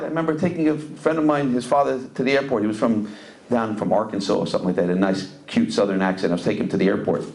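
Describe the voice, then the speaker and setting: A middle-aged rabbi speaks quickly in a fairly low, slightly mellow voice, telling stories during a Torah lecture at a community center event hall. He mixes Hebrew and Yiddish into his English and repeats words as he hunts for the right phrase.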